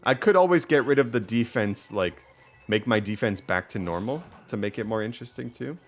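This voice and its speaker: Low-voiced chatty man streaming a game. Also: expressive, brisk. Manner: chatty, upbeat, filler-heavy. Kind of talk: let's play commentary.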